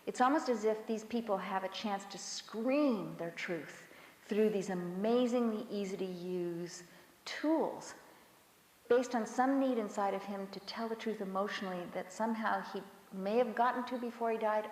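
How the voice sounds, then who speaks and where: A woman interviewed for a documentary, speaking in a reflective, measured way. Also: medium pitch. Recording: roomy echo with long reverb.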